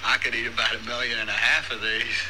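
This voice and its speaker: An actor playing a gentle, simple-hearted Southern man, speaking with a soft slow drawl, heard as a noisy film clip. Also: medium pitch, flat delivery, close to an everyday voice.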